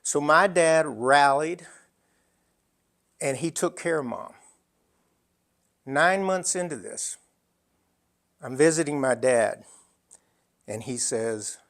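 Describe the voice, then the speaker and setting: A man in his sixties giving an emphatic storytelling talk, full of dramatic pauses. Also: a little high, a bit bright. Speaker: speaker.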